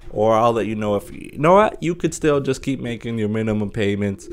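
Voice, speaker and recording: A man's voice: fairly low pitch, fairly quick, a little hiss or hum. A young man hosting a solo podcast, chatting casually in a rambling, jokey way with many fillers and restarts. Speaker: podcast host.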